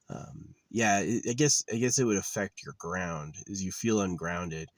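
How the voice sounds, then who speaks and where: A young man talking in a rambling, halting monologue, bitter and blunt, sometimes close to tears. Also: low-pitched, dry recording. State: tearful.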